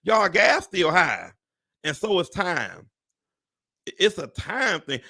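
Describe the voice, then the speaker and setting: Lively, gravelly-voiced man hosting a live stream. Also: sits high, slow pace, pauses often. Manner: animated and exclamatory, swears and laughs often; talks straight to viewers as "y'all". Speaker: real estate agent hosting a live stream. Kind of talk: casual live-stream chat.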